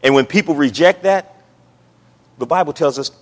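A man from the United States preaching a sermon, emphatic, swinging between loud and hushed. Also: on the high side, normal speed. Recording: reverberant hall.

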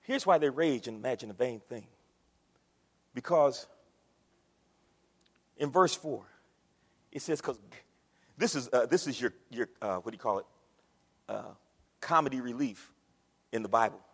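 A man preaching a sermon in a church, swinging from loud shouts to low murmurs. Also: lively intonation, measured pace, pauses often, husky. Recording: long reverb of a large hall.

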